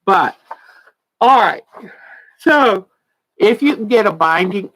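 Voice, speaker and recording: A woman's voice: mid-range voice, animated, takes it slowly, fairly bright tone, rough recording. A woman in her sixties, a quilting teacher on a casual livestream, chatty and laughing often, a little tired and yawning. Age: 60s.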